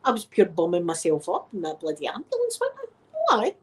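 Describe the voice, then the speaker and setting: A woman's voice: fairly low pitch, huge pitch swings, fast talker. A middle-aged Scottish woman with a sore throat, chatting casually to her viewers and laughing often as she tells stories. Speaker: YouTube vlogger. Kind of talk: rambling casual chat to viewers.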